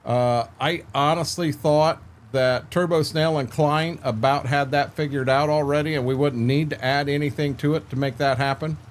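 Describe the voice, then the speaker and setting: A man's voice: on the high side, steady tone, moderate pace, few pauses. Laid-back older man streaming a game. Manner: laid-back, rambling, repeats words and says uh a lot. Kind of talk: casual live-stream chat with viewers.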